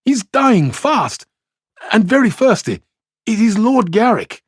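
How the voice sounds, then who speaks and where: A desperate servant in a read-aloud novel calls out urgently for water, voiced by a Scottish man. The voice is pushed up high and strained, and it sounds close and dry. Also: wildly swooping pitch, slow, vocal fry, husky, no room sound, heavily acted. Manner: urgent, pleading.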